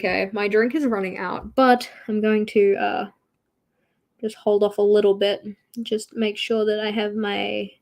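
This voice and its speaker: An Australian woman hosting a livestream, chatting casually and laughing as she draws and reads out viewer comments. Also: medium pitch. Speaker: livestream host. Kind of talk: casual livestream chat while drawing.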